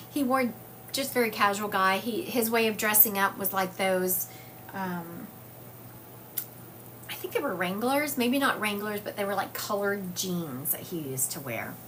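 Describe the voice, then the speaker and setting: A woman with a drawl chats casually to her online audience, stopping to answer comments and filling pauses with "um." Her voice sits at an ordinary middle pitch. A faint hiss of noise runs behind her. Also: fairly bright tone. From US South. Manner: chatty, reads viewer comments aloud, frequent fillers. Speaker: psychic medium livestream host. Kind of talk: casual livestream chat. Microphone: phone or webcam livestream.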